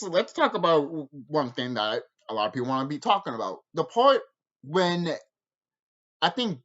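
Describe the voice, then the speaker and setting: A high-voiced man rambles through a casual video review, cursing a lot and laughing frequently in an animated way. The recording sounds muffled.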